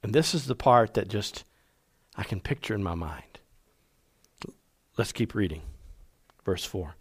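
A man preaching a sermon, animated, acting out quoted voices and dropping at times to a hushed tone. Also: sits high. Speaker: pastor.

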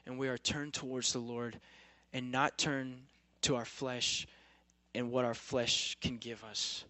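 A man's voice: mid-range voice, pushed and bright, no room sound. A young man preaching a sermon to a campus group in a casual, emphatic way, full of rhetorical questions.

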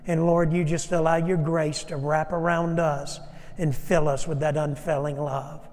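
A man's voice: fairly high pitch, steady tone, normal speed, darkish tone, long reverb tail. A man who is a pastor, preaching a sermon and leading an altar call, speaking earnestly and addressing his congregation directly. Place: church sanctuary.

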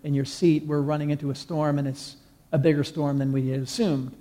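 A man voicing an airline captain who makes steady, measured cabin announcements. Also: fairly high pitch, lightly acted.

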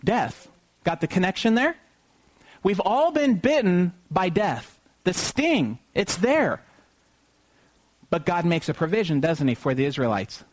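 A man preaching an Easter sermon, often asking the congregation questions and pausing for them to call back the answer. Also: sits high, big pitch swings, slight background noise. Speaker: pastor.

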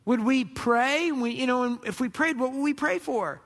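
A man's voice: very high voice, normal speed, fairly bright tone, big-room sound. A man preaching a sermon as pastor, in a conversational way that is full of rhetorical questions.

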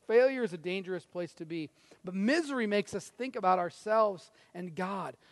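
A man preaches in a high, gravelly voice that carries a long echo through a big hall. He swings from loud, pressing appeals down to near-hushed moments. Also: animated, normal speed. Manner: dramatic, swings from loud to hushed, acts out quotes. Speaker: pastor. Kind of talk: sermon. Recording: reverberant hall.

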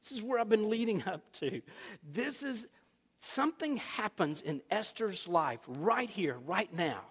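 A male preacher retells a story in a folksy, conversational sermon style. His voice sits high for a man. The sound carries the long reverb of a large hall. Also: very animated, a little slow, fairly bright tone, breathy edge.

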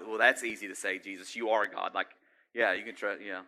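A middle-aged man preaching a sermon in a conversational way, often asking the congregation questions and building to loud exhortation. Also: fairly low pitch, steady tone, fairly quick. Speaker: pastor.

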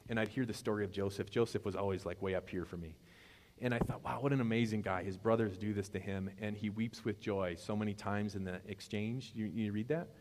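A man's voice: lowish voice, a little mellow. A man preaching a sermon in a conversational way, asking his congregation questions as he retells a story. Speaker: pastor. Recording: long hall reverb.

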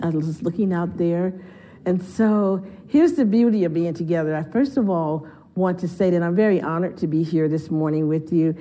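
A woman's voice: on the low side, mellow. A woman giving a heartfelt, conversational sermon as a guest speaker in a church. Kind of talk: sermon storytelling.

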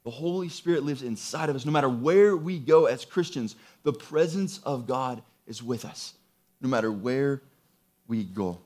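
A man's voice: medium pitch, moderate pace. A man preaching a sermon, reading scripture and then explaining it with emphatic, rising passages and repeated phrases. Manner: emphatic, builds to excited peaks with repeated phrases. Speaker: pastor.

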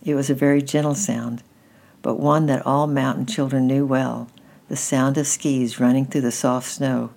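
Woman, very low voice, gentle, reading aloud, children's story. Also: flat delivery, normal speed, gravelly.

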